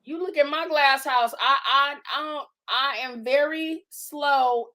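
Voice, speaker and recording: Slow, heartfelt woman in her forties. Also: high voice, pushed and bright. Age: 40s. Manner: emotional, testifying, emphatic. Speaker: podcast host. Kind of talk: heartfelt faith conversation.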